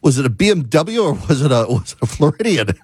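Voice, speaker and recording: A man's voice: a little high, very animated, quick pace, darkish tone, slightly rough, exaggerated voice. A man quoting a chatty male voice assistant that answers in a wry, knowing way.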